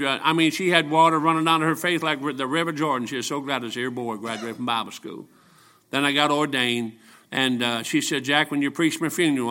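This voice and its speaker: Bright-voiced seventy-year-old male preacher. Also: fairly high pitch. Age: 70s. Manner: folksy, joking, emphatic preaching. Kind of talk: storytelling sermon.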